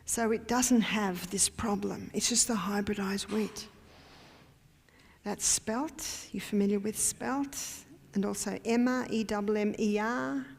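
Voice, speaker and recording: A woman's voice: mid-range voice, steady tone, measured pace, vocal fry, husky. An Australian woman giving a health lecture in a church hall, emphatic and quizzing her audience with questions. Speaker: health educator. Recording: long hall reverb.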